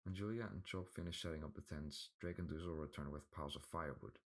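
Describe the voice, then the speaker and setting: A man narrating a fantasy audiobook in an even, plain reading style. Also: very deep voice, quick pace. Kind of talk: scripted storybook narration.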